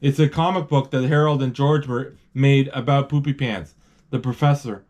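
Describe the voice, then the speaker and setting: A man talking through a cartoon movie as it plays, casual and loose. He rambles, stops mid-word and starts over, and reads out lines from the screen. His pitch sits in an ordinary middle range. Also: steady tone, normal speed, a little mellow, muffled recording. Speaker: movie describer. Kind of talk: casual live movie narration.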